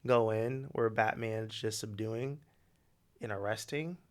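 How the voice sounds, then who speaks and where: A man co-hosting a podcast, spinning a story in casual chat with slangy, animated delivery. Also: fairly low pitch. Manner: animated, slangy storytelling with quick acted quotes. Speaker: podcast co-host.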